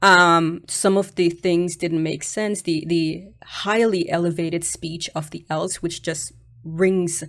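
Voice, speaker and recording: A woman's voice: lowish voice, steady tone, slow pace, a bit bright. A woman hosting her own channel and giving frank, casual opinion commentary, with many fillers, restarts and dismissive asides. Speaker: channel host.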